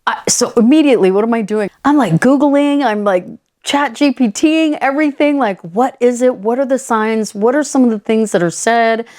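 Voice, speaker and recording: A woman hosting her own podcast and recounting a personal experience in plain, candid terms. She talks in a lively way and slips into the voices of the people in the story as she quotes them. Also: fairly high pitch, moderate pace. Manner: candid and animated, acting out quoted dialogue. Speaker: podcast host.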